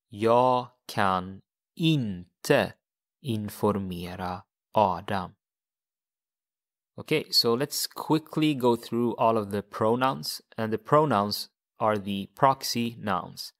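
A man teaching a language lesson step by step, patiently repeating phrases for learners. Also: medium pitch.

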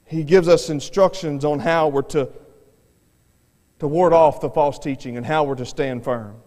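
A man's voice: fairly high pitch, fairly even intonation, measured pace, mellow. A man preaching a revival sermon as an evangelist, earnest and given to repeating words as he starts his phrases. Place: church sanctuary. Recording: long church reverb.

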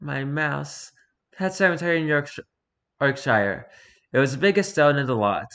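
A man reading internet posts aloud for comedy, with wry, dry asides and bursts of loud mock-arguing. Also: on the high side, expressive, normal speed.

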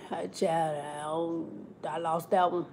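Speaking slowly in a low, darkish voice with little pitch movement, the woman chats on a live stream over slight background noise. She's chatty, reads comments, laughs often, and says Southern things like "child" and "y'all."

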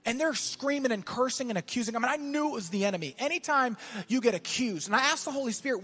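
A man preaching a sermon as pastor, telling a story and then building to shouted exhortation in a church. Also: extremely high pitch, lively intonation, fast talker, few pauses, breathy edge.

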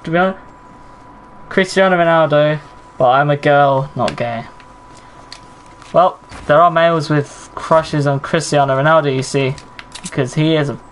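A gaming streamer plays a battle royale live, talking with viewers, commenting on his own moves, and swearing when the pressure builds. His voice is fairly high, and the low-quality recording carries slight background noise.

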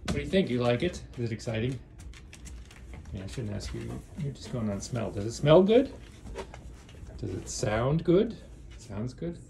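A man's voice: mid-range voice, sing-song, moderate pace, vocal fry, long pauses. A man vlogger chatting playfully to his dogs in a sing-song pet-talk manner. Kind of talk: talking to pets. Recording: loud background noise.

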